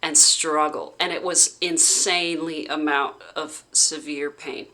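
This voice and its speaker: A woman vlogger recounting a personal experience in casual, halting speech full of "like" fillers. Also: low-pitched, fairly even intonation, bright, forceful tone.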